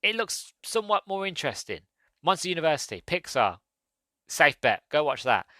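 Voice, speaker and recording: Bright-voiced man rambling a review. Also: on the high side, very animated, moderate pace, no room sound. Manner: rambling, self-correcting, chatty. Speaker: podcast host. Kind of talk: casual solo movie review.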